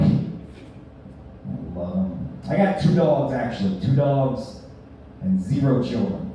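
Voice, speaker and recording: A man works through a stand-up set with a dry, offhand delivery. His voice sounds dark and mellow. It comes from far off the mic in a very echoey bar room. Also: mid-range voice, lo-fi sound, a little hiss or hum. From North Carolina. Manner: dry, conversational joke delivery. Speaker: stand-up comic. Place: bar stage with audience.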